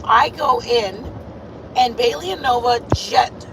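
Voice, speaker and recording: A woman's voice: a little high, slow. Chatty, sassy woman streaming from a car. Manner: chatty, sassy, rambling with fillers. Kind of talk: casual drama rundown stream. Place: inside a moving car. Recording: loud car road noise.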